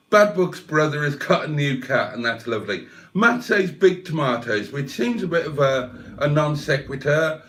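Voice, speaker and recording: Older man, livestream host, slow and rambling, swears freely, echoey room. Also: fairly high pitch. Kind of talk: casual livestream chat.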